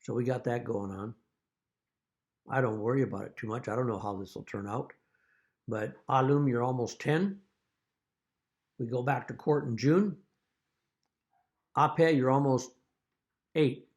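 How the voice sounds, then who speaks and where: A man speaking as a father straight to his children in a video message, earnest and deliberate, now and then telling a wry joke. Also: medium pitch, a little mellow. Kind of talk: direct-to-camera video message.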